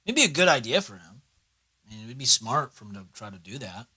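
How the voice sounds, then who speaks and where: A man's voice: mid-range voice, sing-song, quick pace, bright, forceful tone, breathy edge. A young man chatting casually on a livestream, rambling and swearing, sometimes talking himself through his computer setup. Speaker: streamer.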